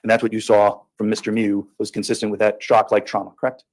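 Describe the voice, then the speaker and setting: A man's voice: lowish voice, completely flat delivery, quick pace, a little mellow. A man, a defense attorney, cross-examining a witness in court with leading questions. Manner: leading questions ending in "correct?".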